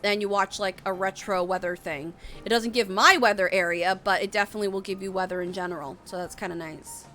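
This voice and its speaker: A woman's voice: medium pitch, steady tone, a little fast, few pauses, sharp tone, faint music behind. A young woman streamer chatting casually on a live stream, rambling with lots of fillers. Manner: rambling, full of fillers and restarts. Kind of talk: casual livestream chat.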